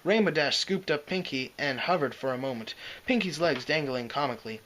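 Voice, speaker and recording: Brief: man narrating a story aloud, higher voice, very lively intonation, some stumbles. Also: brisk, low-quality recording. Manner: expressive, dramatic reading with occasional slips and restarts. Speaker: reader. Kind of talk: reading fan fiction aloud.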